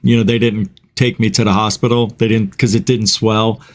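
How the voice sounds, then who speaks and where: A man on a casual podcast, relaxed and laughing as he tells stories about his parents. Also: fairly low pitch, moderate pace.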